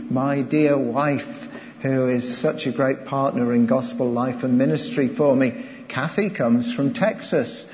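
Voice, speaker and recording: A man preaching in a measured, deliberate way, pressing each point with rhetorical questions. His voice sits at an ordinary pitch for a man. A long hall reverb rings after every phrase. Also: darkish tone. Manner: earnest, exhorting, with rhetorical questions. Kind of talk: sermon.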